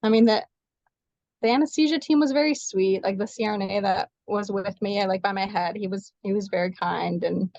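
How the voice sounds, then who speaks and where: A woman nurse telling the story of a difficult birth as an interview guest, animated and quick, acting out what others said to her. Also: mid-range voice, dry recording, lo-fi sound. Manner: fast, animated retelling with quoted dialogue. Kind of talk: emotional personal storytelling.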